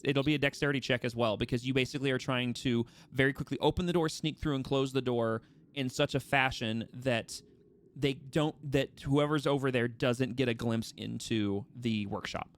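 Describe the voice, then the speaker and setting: A man acts as game master for a tabletop game, narrating in a lively, animated way with frequent restarts. His voice is mid-range and clean.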